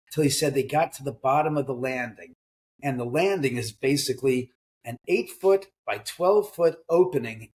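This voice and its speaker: A middle-aged man, an author, telling ghost stories in a casual interview, acting out quoted voices and swearing now and then. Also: mid-range voice. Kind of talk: conversational storytelling in an interview.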